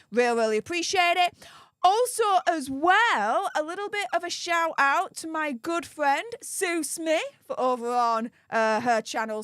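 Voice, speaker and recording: High-voiced Yorkshire woman streaming. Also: fairly bright tone, dry recording, studio quality. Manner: chatty and upbeat, thanking supporters by name. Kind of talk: casual live-stream chat.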